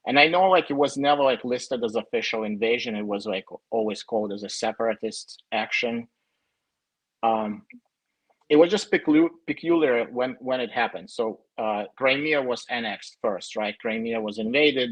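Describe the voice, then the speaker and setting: A man's voice: mid-range voice, moderate pace, no echo, low-quality recording. A young man with a Ukrainian accent who grew up in Ukraine, answering questions over a video call in a casual, hesitant way with many fillers. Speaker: guest.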